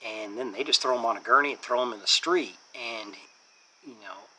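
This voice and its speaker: A man's voice: mid-range voice, moderate pace, pushed and bright, a little hiss or hum, poor audio. A man casually recapping a movie plot as a reviewer, rambling along with lots of fillers. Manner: rambling retelling with many fillers.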